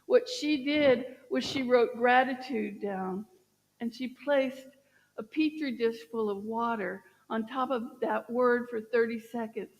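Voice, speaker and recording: A woman minister giving a sermon, gently encouraging and asking her listeners questions. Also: fairly high pitch, a little slow, in a large hall, low-quality recording. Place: church sanctuary.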